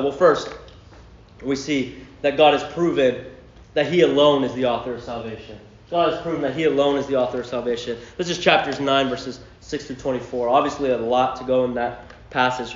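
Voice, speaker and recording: A male pastor preaching a sermon, emphatic, dropping to a hush and then rising to a shout. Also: medium pitch, echoey room, highs cut off. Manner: emphatic, swinging from hushed to shouting.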